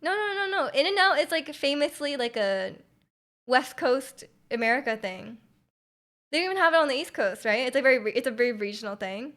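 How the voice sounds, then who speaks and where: A woman with a Canadian accent, chatting casually with viewers on a stream, full of fillers and restarts and quick to laugh. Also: high-pitched, expressive, a bit bright. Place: home room.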